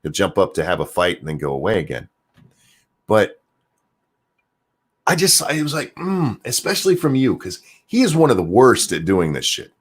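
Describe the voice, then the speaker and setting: A man's voice: fairly low pitch, wildly swooping pitch, moderate pace, pauses often, breathy edge. A man giving casual ranting commentary as host of his own show, sarcastic and swearing freely, often repeating words as he gets worked up. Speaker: commentary streamer.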